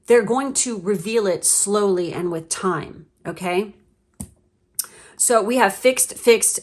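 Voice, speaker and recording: Woman tarot reader, casual and chatty, blunt and foul-mouthed, laughs a lot. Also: mid-range voice. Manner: chatty, frank and profane, laughs often. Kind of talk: casual pick-a-card tarot reading.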